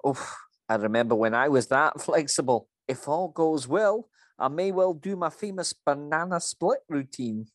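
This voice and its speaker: A man's voice: on the high side, normal speed, no room sound, pitched above the performer's own voice, natural voice. A man voicing a strict middle-aged female resort manager with a Scottish accent. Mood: wry. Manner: stern, bossy, sing-song.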